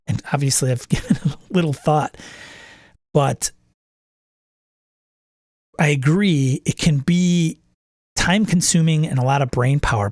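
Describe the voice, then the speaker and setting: A man's voice: medium pitch, no echo, clean studio sound. A man hosting a casual chat about running tabletop games, telling stories and acting out his players' lines. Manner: animated storyteller who acts out players' quips. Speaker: game master and podcast host.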